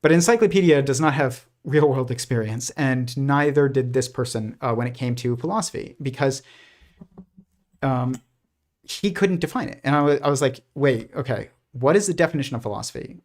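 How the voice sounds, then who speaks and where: Male streamer, middle pitch, loose rambling delivery full of restarts. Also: moderate pace. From United States. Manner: rambling, many restarts and fillers, laughs softly. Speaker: host. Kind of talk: casual livestream commentary.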